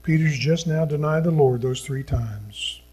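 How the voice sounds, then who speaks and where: A man preaching a sermon as a pastor, reading scripture in an earnest, slow manner that sinks to a hushed tone at solemn points. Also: a little high, slightly rough, low-quality recording.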